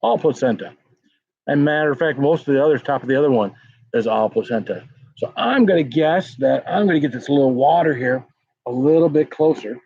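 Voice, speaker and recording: A man's voice: mid-range voice, fairly quick, vocal fry, darkish tone, breathy edge, no echo. A man hosting a casual pepper-tasting livestream, rambling and greeting viewers in chat by name. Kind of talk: casual live-stream chat. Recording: dull lo-fi sound.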